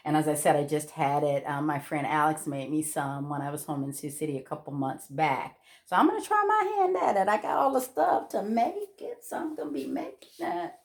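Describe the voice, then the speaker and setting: A middle-aged woman from the United States chatting casually in her home kitchen, rambling with many ums and restarts. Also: fairly low pitch. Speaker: cooking vlogger. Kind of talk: casual kitchen vlog chat.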